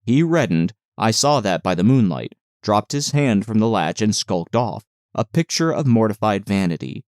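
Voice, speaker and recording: A man narrating a classic novel as an audiobook, in a measured, expressive reading. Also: fairly low pitch, dry recording, studio quality.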